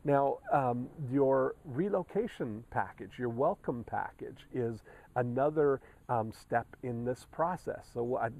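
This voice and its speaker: Mellow-voiced man coaching step by step. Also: mid-range voice, poor audio. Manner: instructive, methodical, repeats steps with frequent fillers. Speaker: sales coach. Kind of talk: recorded coaching update.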